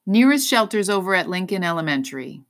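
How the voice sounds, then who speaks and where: A brisk female cop gives orders in short, clipped bursts in a storybook scene, as a woman narrator voices her. The voice sits a touch higher than the reader's own, with lively swings. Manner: clipped, businesslike. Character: brisk, no-nonsense female police officer. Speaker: police officer.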